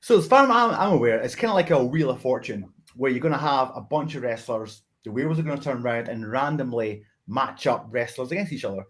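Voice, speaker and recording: A man's voice: mid-range voice, expressive, a little fast, few pauses, a bit bright. A man, a veteran wrestler near retirement, talking in a friendly, teasing, confident way over a video call. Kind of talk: interview chat.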